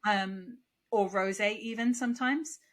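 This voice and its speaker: A woman's voice: medium pitch, a little slow. A woman co-hosting a podcast, chatting casually and rambling with a lingering cough. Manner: chatty, rambling, asks questions aloud. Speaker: podcast co-host. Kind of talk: casual chat.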